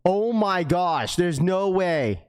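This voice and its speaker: A young man livestreaming to his chat in a casual, slangy way, getting excited and repeating himself. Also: high voice, takes it slowly, clear, resonant tone. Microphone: webcam setup.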